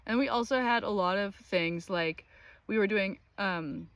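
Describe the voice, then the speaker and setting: A woman hosting her own channel, telling a personal story in a casual, animated and exasperated way, with many fillers. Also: mid-range voice, unhurried, no room sound. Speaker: channel host.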